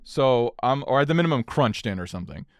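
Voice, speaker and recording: Animated, profane storyteller man. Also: mid-range voice, quick pace, dry recording, studio quality. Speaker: podcast co-host. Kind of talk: casual storytelling chat.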